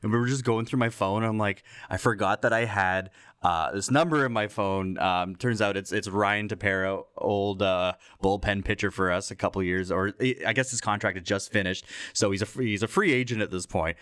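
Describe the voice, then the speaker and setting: Low, smooth-voiced man telling stories. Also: a little fast, few pauses, dry recording, studio quality. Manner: laughing, animated storytelling with swearing. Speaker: podcast co-host. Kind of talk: casual chat.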